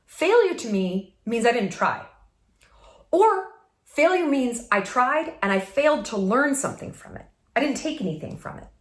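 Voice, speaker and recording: A woman's voice: on the high side, very animated, moderate pace. A woman hosting a vlog, giving a casual motivational talk to camera, emphatic and laughing often. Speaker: vlog host. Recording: echoey room.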